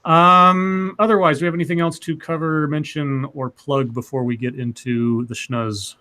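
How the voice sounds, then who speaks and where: A man's voice: a little high, fairly even intonation, moderate pace, bright, forceful tone. Rambling man hosting a casual stream. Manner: rambling, hesitant with many fillers. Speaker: podcast host. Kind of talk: casual live stream chat.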